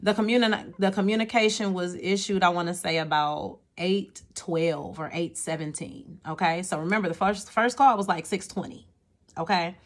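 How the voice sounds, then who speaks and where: A woman's voice: fairly low pitch, steady tone, moderate pace. A woman telling a personal story to her viewers in a casual, exasperated way. She often repeats words and checks in with "okay?".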